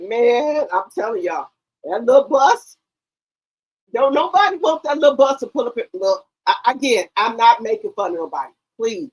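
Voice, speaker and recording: High-voiced woman streamer, laughing and profane. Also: husky, rough recording. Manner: animated, laughing, profane storytelling. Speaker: live stream host. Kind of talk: casual chat on a live stream.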